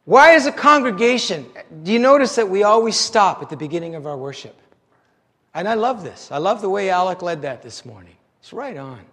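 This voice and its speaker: A male pastor with a notably high voice delivers an animated, conversational sermon full of self-deprecating humor. His words trail off into the long reverb of a big church sanctuary. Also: fairly quick.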